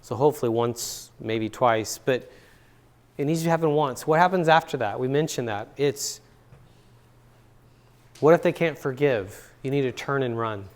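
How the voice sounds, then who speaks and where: In a university seminar room, a middle-aged counselor gives a relaxed relationship seminar full of stories. His medium-pitched voice moves at a normal speed with long pauses, and he chats with the audience, repeating words for emphasis.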